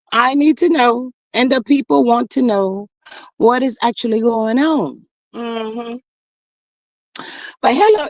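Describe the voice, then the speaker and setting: A woman's voice: a little high, dry recording, low-quality recording. A woman hosting a casual live stream, chatty and saying "y'all" a lot. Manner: chatty, reads viewer comments aloud, says "y'all" often. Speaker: livestream host.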